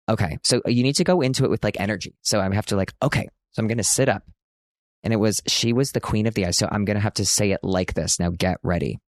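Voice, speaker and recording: A man's voice: lowish voice, quick pace, no echo, studio quality. A man in his thirties hosting a casual podcast from a hotel room, chatty and self-mocking, now and then jumping into a big dramatic announcer voice. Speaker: podcast host.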